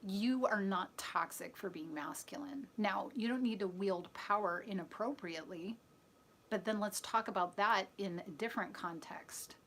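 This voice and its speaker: A woman's voice: mid-range voice, moderate pace, a bit bright, a little hiss or hum. A woman hosting a live stream, talking in a casual, opinionated way and answering viewers' comments aloud. She is earnest and chatty and often drops to a near-whisper.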